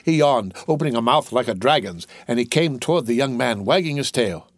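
A man reading a novel aloud as narrator, with expressive, lively storytelling. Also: medium pitch, fairly quick, no room sound. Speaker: audiobook narrator.

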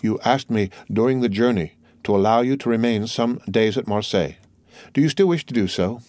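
A man's voice: fairly low pitch, fairly quick, darkish tone, dry recording, natural voice. A man reading a solemn proud count. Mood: grave. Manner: solemn, formal.

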